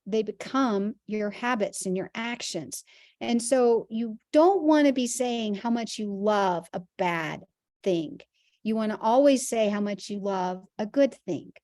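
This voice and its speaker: A woman's voice: a little high, a little mellow, dry recording, studio quality. A woman teaching a Christian health class, earnest and emphatic, using vivid everyday examples.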